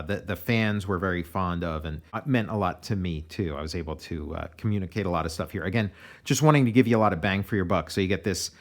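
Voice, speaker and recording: An American comic artist giving a relaxed, meandering commentary on his own pages, often restarting his sentences. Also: low-pitched. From United States.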